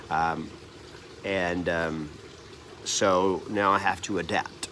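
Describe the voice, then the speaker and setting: Low-voiced man telling a personal story. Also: steady tone, slow pace, pauses often, pushed and bright, a little hiss or hum. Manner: earnest and rambling, with frequent restarts and self-corrections. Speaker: real estate trainer and coach. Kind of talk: personal story and motivational talk to camera.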